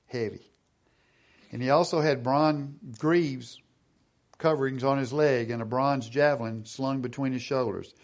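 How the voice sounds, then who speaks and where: With a steady tone at medium pitch, a middle-aged man preaches as a pastor, reading scripture aloud. He questions the congregation and slows down when he wants to emphasize something.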